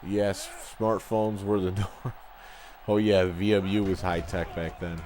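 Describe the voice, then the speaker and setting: A man with a Chicago accent talks his way through a football video game in a low voice, chatty and easygoing. He reacts to the plays and answers viewers as he goes, with a faint hiss under the voice. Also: little pitch movement, measured pace, a little mellow. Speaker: gaming channel host. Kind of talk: casual commentary while playing a football video game.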